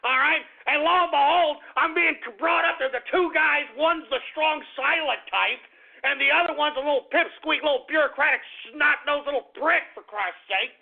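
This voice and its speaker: A man with a very high, gravelly voice rants through his call-in radio show. He swears constantly and sounds angry and fed up. The audio is narrow and tinny, like a phone line. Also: normal speed. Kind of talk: profane call-in radio rant.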